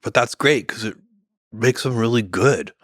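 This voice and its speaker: A middle-aged man talking in a relaxed podcast conversation, measured and thinking aloud with many fillers and restarts. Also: mid-range voice, dry recording, clean studio sound. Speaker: guest, company founder.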